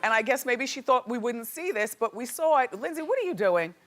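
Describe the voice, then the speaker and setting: A woman hosting a talk show, delivering an animated, sassy celebrity gossip monologue. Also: fairly high pitch, brisk.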